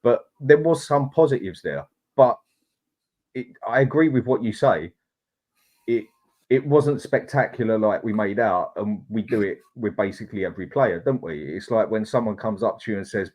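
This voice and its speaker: A man hosting a casual football chat, weighing points in a measured, chatty way. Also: lowish voice, darkish tone. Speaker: host.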